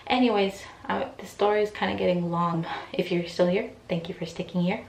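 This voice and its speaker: A young woman telling a personal story in a casual, animated way, acting out what people said. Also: mid-range voice, fairly quick, vocal fry. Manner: chatty, animated retelling with quoted voices. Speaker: vlogger. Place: room at home, in pajamas. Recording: echoey room, mic set back.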